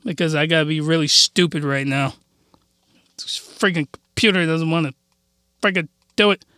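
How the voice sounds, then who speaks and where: A man's voice: a little high, moderate pace, sharp tone, no echo. A man hosting a casual joking review vlog, rambling and cutting himself off, speaking in a put-on fake accent as a mock persona. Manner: rambling, self-interrupting, playing a mock persona. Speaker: video reviewer.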